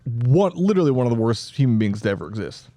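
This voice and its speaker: A man's voice: mid-range voice, big pitch swings, quick pace, mellow, dry recording. A man hosting a podcast in casual chat, swearing a lot and acting out jokey bits. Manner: profane, jokey, acts out bits in voices. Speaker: podcast host.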